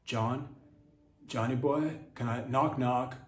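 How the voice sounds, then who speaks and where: A man voicing an earnest, concerned father who coaxes his son gently. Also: medium pitch, fairly even intonation, takes it slowly, roomy sound, a little hiss or hum, close to an everyday voice. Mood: coaxing. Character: earnest, concerned middle-aged dad.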